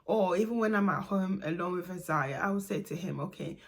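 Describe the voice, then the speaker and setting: A woman's voice: fairly low pitch, fairly quick. A young woman, a single mother, talking candidly to camera in a vlog, confiding and laughing now and then.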